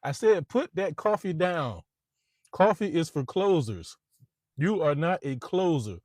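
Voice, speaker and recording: A man doing an impression of a loud, bullying male sales trainer from a film, barking insults with drawn-out emphasis. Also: on the high side, very animated, no echo, studio quality, voice pushed up.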